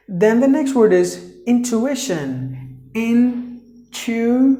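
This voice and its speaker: Slow, mellow woman teaching pronunciation. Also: low-pitched. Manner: spells out letters and repeats each word several times. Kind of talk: slow classroom-style pronunciation lesson. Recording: echoey room.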